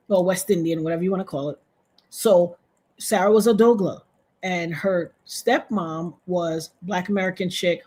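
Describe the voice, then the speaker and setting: A woman from Trinidad, a guest on a video-call interview, telling a story in an animated way and acting out the voices of other people. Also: slightly rough. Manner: animated, acts out quoted voices with big pitch jumps.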